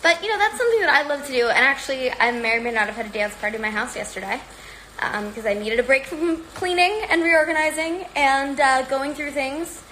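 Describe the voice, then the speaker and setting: A chatty woman with a fairly high voice, talking casually to her viewers on a livestream. She rambles in an upbeat way and sounds slightly out of breath from exercising. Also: expressive, fairly quick, bright, forceful tone, slight background noise, poor audio. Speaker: livestream host. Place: at home.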